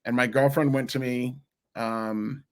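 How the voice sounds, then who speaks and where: A man in his forties from New Jersey, a podcast guest telling stories in an animated, rambling way with many restarts. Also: mid-range voice, measured pace. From New Jersey, USA. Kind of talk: casual interview storytelling.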